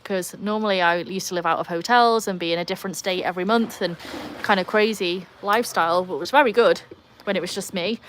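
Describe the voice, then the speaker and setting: A woman's voice: mid-range voice, slight background noise. Chatty British woman hosting a livestream. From United Kingdom. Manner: chatty and upbeat, rambling, quick asides to her dogs. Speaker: livestream host. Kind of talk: casual livestream chat, reading viewer comments aloud. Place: at home with her dogs.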